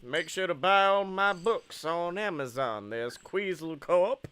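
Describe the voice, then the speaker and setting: A man co-hosting a casual comedy podcast, excitable and profane, laughing often. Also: high-pitched, a little slow, smooth. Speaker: podcast co-host.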